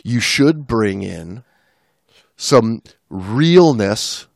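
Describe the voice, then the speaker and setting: A podcast host talks in a casual, conversational way, his lowish, gravelly voice drawing out words with lively intonation. The recording is clean studio sound with no room sound.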